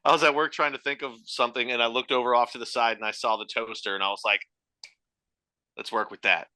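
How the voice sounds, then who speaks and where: A man's voice: medium pitch, steady tone, fast, sharp tone, dry recording. A man in his thirties co-hosting a podcast in casual chat, joking and laughing often at his own puns. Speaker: podcast co-host.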